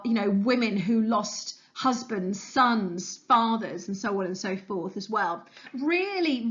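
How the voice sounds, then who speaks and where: A fairly high-voiced woman teaches a history revision lesson in an eager, chatty way, often pausing on fillers. She talks over slides, and the recording sounds a little dull and muffled. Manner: enthusiastic, chatty, with frequent fillers.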